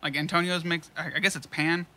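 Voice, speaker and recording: A young man co-hosting a podcast, chatting casually in quick, profane, animated bursts. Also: on the high side. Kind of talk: casual chat.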